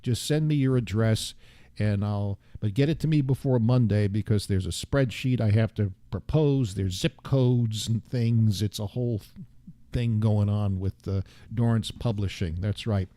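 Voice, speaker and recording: A man's voice: lowish voice, a little slow, mellow, dry recording. A man hosting his own show, talking in a casual, rambling monologue full of wry, self-mocking asides. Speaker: radio show host.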